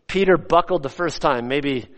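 A man preaching a sermon, animated and acting out the voices he quotes, recorded in a church. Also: a little high, normal speed. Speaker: pastor. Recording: long hall reverb.

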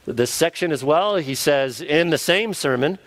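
A man's voice: fairly high pitch, lively intonation, a little slow. A man, a pastor, preaching an earnest sermon and now and then acting out the voices of the people he quotes.

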